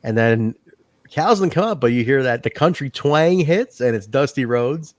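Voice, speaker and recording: A man co-hosts a casual podcast chat, his voice at a middle pitch and recorded close and dry with no room sound. He tells stories with lots of energy, laughs often, and acts out the lines he remembers. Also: normal speed, dry recording. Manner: animated, laughing, acts out quotes. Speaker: podcast co-host.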